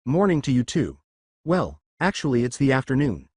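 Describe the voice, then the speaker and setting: A man voicing a gentle, reassuring teenage boyfriend in a dry storybook fanfic reading with a lively pitch. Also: normal speed, breathy edge, dry recording. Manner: soothing, reassuring.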